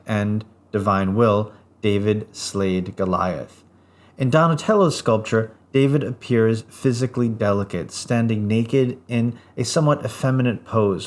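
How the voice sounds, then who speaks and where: A man giving a scripted art history lecture in a measured, even delivery, pausing through lists. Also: fairly low pitch.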